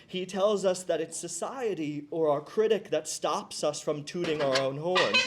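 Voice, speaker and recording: A man in his thirties from New Jersey gives a graduation speech as a clown teacher, with a notably high voice. He jokes at his own expense and stumbles through little fillers between heartfelt points. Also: background noise. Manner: playful, self-mocking, with hesitant fillers. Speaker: commencement speaker and clown teacher. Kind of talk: graduation speech to a live audience.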